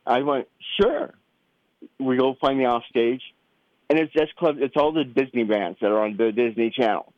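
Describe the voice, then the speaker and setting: A middle-aged father telling a family story in a casual, animated way, acting out the voices he quotes. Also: medium pitch, fairly quick, no room sound, muffled recording. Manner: animated, acts out quoted voices, many restarts.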